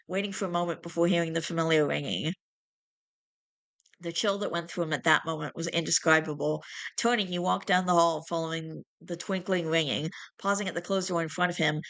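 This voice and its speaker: A woman's voice: lowish voice, fairly even intonation, a little fast, fairly bright tone. A woman reading fiction aloud, now and then correcting herself with little asides. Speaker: reader.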